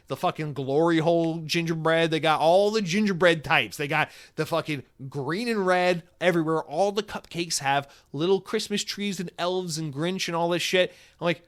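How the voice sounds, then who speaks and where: A young man hosting a solo podcast, telling a story in a profane, excitable rant with sudden loud outbursts. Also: on the high side. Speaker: podcast host.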